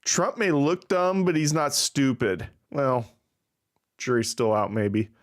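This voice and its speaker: A man's voice: mid-range voice, animated, takes it slowly. A man hosting a casual livestream, rambling and self-deprecating with plenty of swearing. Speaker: livestream host. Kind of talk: casual live-stream chat.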